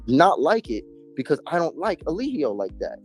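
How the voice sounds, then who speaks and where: As a guest in a casual interview, a man tells his story emphatically, heavy on street slang and swearing. His voice is on the high side and sing-song at a moderate pace, with soft music in the background.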